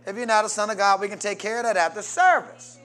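Speaking fast with fairly even intonation, a man preaches as pastor and asks the congregation to respond. He veers between strong, loud calls and soft, low asides.

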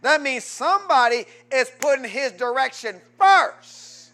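A man pastor preaching a sermon, quizzing his congregation in call-and-response and swinging from loud exhortation to low asides. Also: lively intonation, a little slow.

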